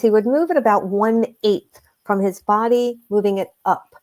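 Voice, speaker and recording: A woman guest, an energy healer, telling stories in a conversational way, earnest and emphatic, slowing down to stress her points. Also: medium pitch. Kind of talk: conversational storytelling.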